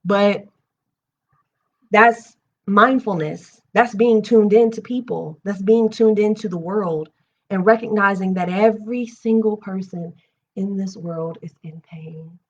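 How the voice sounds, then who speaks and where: A young woman hosting a live reading stream, reading a book aloud and breaking off into candid, animated personal asides. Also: mid-range voice, slow pace, highs cut off. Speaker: host reading books aloud on a livestream. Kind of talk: reading aloud and casual chat.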